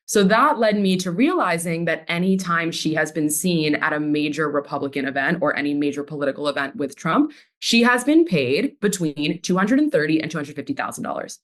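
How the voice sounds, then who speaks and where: Low-voiced, emphatic woman guest. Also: a little fast, few pauses. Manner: emphatic, gossipy, casual swearing. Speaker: podcast guest. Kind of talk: casual chat.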